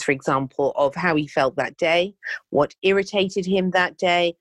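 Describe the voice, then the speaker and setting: Woman life coach telling stories, kinda low voice, animated, dry close mic. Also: husky, no room sound. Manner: animated, acts out dialogue in her stories. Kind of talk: conversational storytelling.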